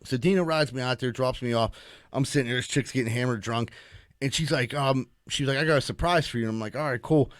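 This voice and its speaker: A man's voice: medium pitch, quick pace, no room sound, studio quality. A man co-hosting a podcast, telling a rambling story full of swearing and acted-out quotes. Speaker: podcast co-host. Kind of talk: casual storytelling.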